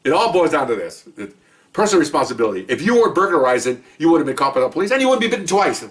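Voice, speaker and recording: An older man, a retired police officer, casually telling anecdotes, animated and chuckling, talking in fits and starts. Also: a little high, racing, distant mic.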